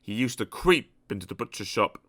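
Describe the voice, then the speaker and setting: A man narrating a children's storybook aloud in an expressive, animated storytelling manner. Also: lowish voice, a little fast, dry recording, clean studio sound. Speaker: audiobook narrator.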